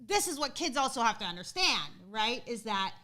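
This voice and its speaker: A chatty woman co-hosts a live podcast stream and laughs often. Her voice is high and bright, and it swings widely as she chimes in. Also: sing-song, normal speed. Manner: chatty, laughing, backs the host up. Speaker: podcast co-host. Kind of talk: casual live-stream chat.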